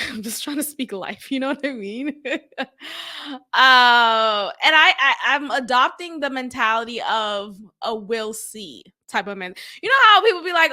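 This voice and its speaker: A woman from Boston hosting a podcast alone, chatting casually and rambling, with frequent laughs and sudden swings between loud and soft. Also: sits high. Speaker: podcast host. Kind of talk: casual solo podcast chat.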